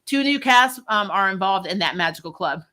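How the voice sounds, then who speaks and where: Woman host, bright and forceful tone, chatty live-stream banter with viewers, laughs a lot. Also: mid-range voice, lively intonation. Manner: chatty, laughs often, quick asides. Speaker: YouTube host discussing a TV series. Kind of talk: casual live-stream chat, reading viewer comments.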